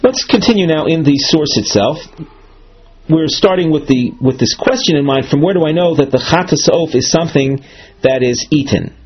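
A man giving a measured, explanatory Talmud lesson, walking through a marked text with frequent fillers and restarts. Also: fairly high pitch, animated, husky. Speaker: Talmud teacher. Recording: dull lo-fi recording.

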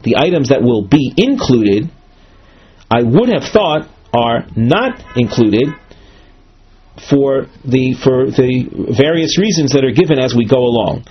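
A man giving a measured, explanatory Talmud lesson, walking through a marked text with frequent fillers and restarts. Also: medium pitch, husky. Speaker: Talmud teacher. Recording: dull lo-fi recording.

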